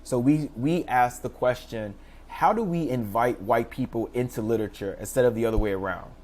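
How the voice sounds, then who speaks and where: Man, thirties, guest teacher, casual storytelling, animated quoting, mid pitch, video call. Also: a little fast. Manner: animated, acts out quoted voices with pitch jumps.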